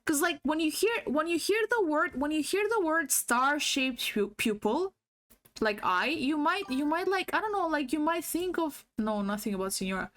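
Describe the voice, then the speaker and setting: A woman's voice: sits high, lively intonation, moderate pace, a bit bright. A woman streamer talking in a rambling, giggly way, swearing freely and filling her talk with fillers and restarts on a livestream with faulty audio. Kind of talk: casual livestream chat.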